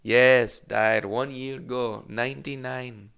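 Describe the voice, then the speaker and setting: A man voicing a sweet little old Russian woman with a thick put-on Russian accent, speaking in slow, halting, broken phrases. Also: mid-range voice, steady tone, vocal fry, fairly bright tone, smooth. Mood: matter-of-fact.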